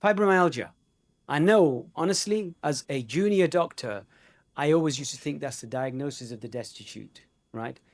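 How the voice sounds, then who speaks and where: A man's voice: on the high side, normal speed. Chatty man giving a medical talk. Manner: conversational, joking, many fillers. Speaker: conference speaker. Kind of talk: medical conference lecture.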